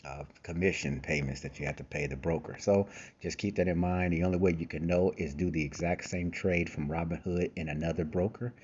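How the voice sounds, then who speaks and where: A low-voiced man with a mellow, relaxed tone talks through a screen-share trading tutorial in a loose, conversational way. He repeats himself and fills pauses, sounding a little tired. The home recording is slightly dull, with a faint hiss underneath. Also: husky. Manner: conversational, repeats himself, frequent fillers and asides. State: tired, yawning. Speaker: trading course host.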